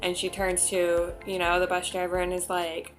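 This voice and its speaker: A woman's voice: lowish voice, monotone, moderate pace, faint music behind. A young woman vlogger telling a story casually in a chatty way, with lots of filler words.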